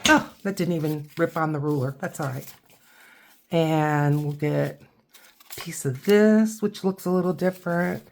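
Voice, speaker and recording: A woman's voice: deep voice, a little slow, vocal fry, a little hiss or hum. An older woman from the Midwest, chatting casually as she walks through a craft tutorial, rambling and correcting herself as she goes. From Ohio and Michigan, USA. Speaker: craft channel host.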